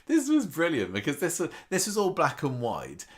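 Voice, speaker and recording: A man's voice: fairly high pitch, wildly swooping pitch, normal speed. A man co-hosting a casual chat show, talking with enthusiasm and frequent restarts. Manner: chatty, enthusiastic, many restarts. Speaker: podcast co-host. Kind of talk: casual chat about a TV soap.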